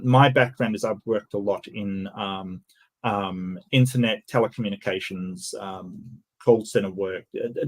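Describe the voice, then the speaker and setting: A lowish, husky male voice with a Western Australian accent, speaking through a video call. He pronounces each word carefully and precisely, yet keeps pausing on ums and restarting his sentences. His delivery is casual, like a guest chatting on a call-in show. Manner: carefully enunciated, halting with many fillers. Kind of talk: casual panel chat.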